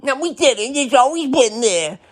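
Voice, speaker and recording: Give me a man mocking a whining, defensive supporter in a shrill voice. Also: animated, measured pace. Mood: whiny. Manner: whining, high-pitched mockery. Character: whiny defensive male political supporter.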